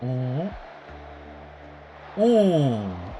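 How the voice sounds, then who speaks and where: A man's voice: medium pitch, sing-song, drawn-out words, over music. A man doing casual, sweary live-stream commentary on a football management game. He talks to the players on screen and goes off on rants.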